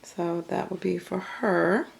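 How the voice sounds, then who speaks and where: A woman's voice: on the low side, steady tone, slow pace, gravelly. A middle-aged woman chatting casually as she shows off her crafts in a home vlog, rambling with lots of fillers and a little out of breath. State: a bit out of breath. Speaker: craft YouTuber. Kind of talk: casual show-and-tell vlog. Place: at home craft table, behind the camera.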